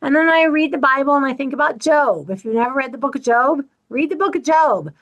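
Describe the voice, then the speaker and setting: A middle-aged woman hosting her own channel, talking candidly to viewers and acting out other people's lines in an animated way. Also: high-pitched, brisk, dull audio. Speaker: channel host. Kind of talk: personal talk to camera.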